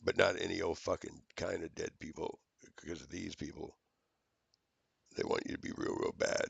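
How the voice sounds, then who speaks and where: A man's voice: low voice, flat delivery, normal speed, gravelly, breathy edge, no echo, dull audio. A man in a rambling, profane, accusatory recorded rant.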